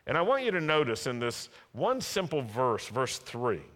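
A man's voice: mid-range voice, sing-song, moderate pace, fairly bright tone. A man preaching a sermon as pastor, asking the congregation to answer him. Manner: preaching, asks the congregation to respond. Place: large worship hall. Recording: long hall reverb.

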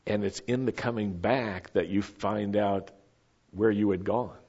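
A male preacher delivering a sermon at an unhurried, deliberate pace, his voice a little lower than most. He swells to emphasis on the dramatic lines, then sinks almost to a whisper on the quiet ones. The recording is dull and lo-fi. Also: fairly even intonation, slightly rough. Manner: slow, reflective, drops to near-whisper on quiet points.

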